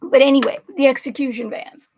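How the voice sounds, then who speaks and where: A woman's voice: high voice, fairly even intonation, a little fast, darkish tone, a little hiss or hum. A woman hosting a political commentary livestream, talking in a rambling, emphatic way and now and then dropping to a whisper for effect. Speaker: livestream host.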